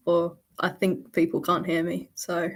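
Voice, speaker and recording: Woman, livestream host, unhurried delivery, chatty, reads viewer questions aloud. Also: on the low side, slightly rough. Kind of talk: casual live Q&A chat.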